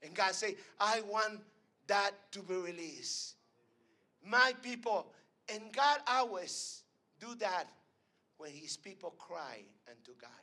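High, bright-voiced preacher man. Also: animated, slow. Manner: emphatic preaching, swinging from loud calls to hushed lines. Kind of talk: sermon. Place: evening church service before a congregation.

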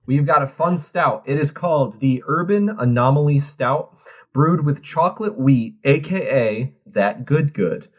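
A man's voice: on the high side, expressive, measured pace, slightly rough. A man co-hosting a beer podcast in casual chat, rambling and laid-back, at times reading out a can label. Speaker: podcast co-host.

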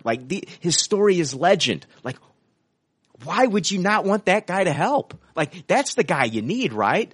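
A man co-hosting a podcast, talking excitedly about a film trailer and swearing casually. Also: on the high side, breathy edge, no room sound. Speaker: podcast co-host.

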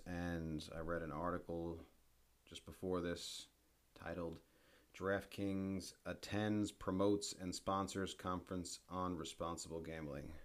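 A man hosting his own podcast alone, chatting in a rambling way and talking to his listeners as if they answered. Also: deep voice. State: tired after a long workday. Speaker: podcast host. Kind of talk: casual solo podcast monologue.

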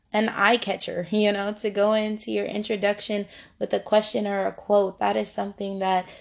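A woman's voice: medium pitch, gravelly. A woman hosting a podcast Bible study, teaching in a chatty, informal way and laughing easily. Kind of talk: casual devotional teaching.

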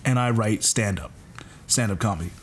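A young man from Canada hosting a casual podcast, telling animated, joking stories. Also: on the low side, moderate pace, slight background noise. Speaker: podcast host.

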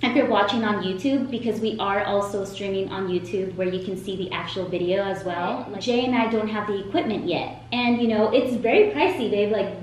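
A woman's voice: mid-range voice, fairly quick, hardly any pauses. A woman co-hosting a podcast, chatting in an enthusiastic, casual way. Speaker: podcast co-host. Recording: very echoey room, faint noise.

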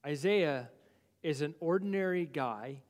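Pastor, male, high voice, lively sermon with acted-out asides, big reverberant church room. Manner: animated, acts out biblical figures' objections in quick asides. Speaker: lead pastor. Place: church sanctuary.

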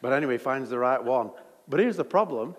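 A man's voice: mid-range voice, animated, quick pace, long reverb tail, a little hiss or hum. A man preaching a sermon in a jokey, conversational way.

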